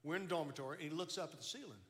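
Racing along in a voice on the high side, an older man from Baton Rouge, Louisiana, tells a folksy testimony. The tone is bright and edgy, he's animated and repeats himself on restarts, and the recording is drenched in long hall reverb.

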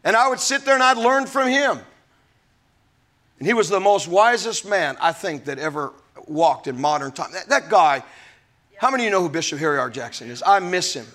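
A male pastor delivers a sermon in a high, bright, forceful voice. He preaches with emphasis and drops in folksy asides. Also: expressive, moderate pace.

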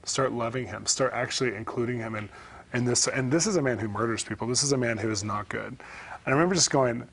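A man's voice: mid-range voice, gravelly, slightly rough. A man as a guest author, earnestly telling stories from his life in an interview. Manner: fast, earnest storytelling.

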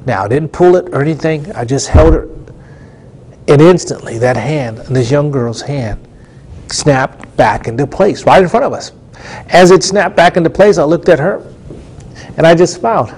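A male preacher with a somewhat high voice tells a testimony in a studio. He speaks earnestly and drives his points home with emphatic repetition. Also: moderate pace, darkish tone. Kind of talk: storytelling sermon testimony.

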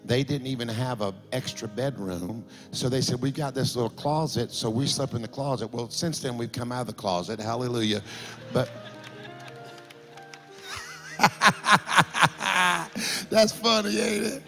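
A middle-aged man, a pastor telling a story in a sermon that builds to impassioned shouting. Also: medium pitch, fairly quick, music in the background.

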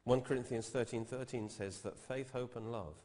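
A man's voice: medium pitch, fairly even intonation, moderate pace, warm tone. A man preaching a teaching sermon, explaining step by step and quoting scripture with rising emphasis.

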